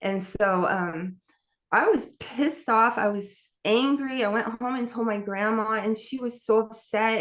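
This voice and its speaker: Measured in pace, with a fairly high pitch and a bit of brightness, a middle-aged woman from New York opens up about her life as an interview guest. Her testimony is rambling and honest, with plenty of laughter.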